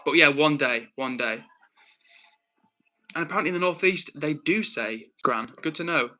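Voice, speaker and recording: A young man with a Northwest English accent hosting a live stream, reading chat and calmly, earnestly lecturing a troll with many restarts. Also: fairly high pitch, moderate pace. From Northwest England. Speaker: livestream host.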